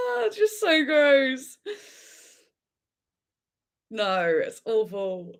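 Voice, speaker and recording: A woman's voice: high-pitched, huge pitch swings, extremely slow, a bit bright. A young woman from Devon with an English accent, hosting a casual livestream chat in a bubbly, rambling way, full of "like"s and giggles. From Devon, England. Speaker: livestream host.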